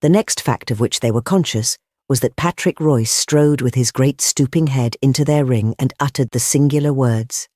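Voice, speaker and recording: Reading from a script, a male audiobook narrator keeps an even, measured delivery in his mid-range voice. The recording is clean studio sound with no room noise.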